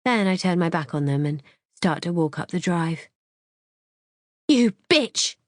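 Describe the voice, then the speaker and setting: Brief: woman narrator, first-person thriller audiobook, measured and tense, lower register, dry studio sound. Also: fairly even intonation, no echo.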